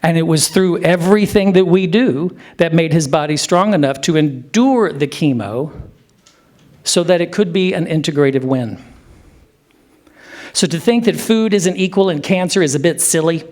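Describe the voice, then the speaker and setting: A man in his fifties, a clinician giving a conference presentation in a hotel room, speaking emphatically and slowing down for effect. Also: fairly high pitch. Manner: animated, emphatic, slows down for effect.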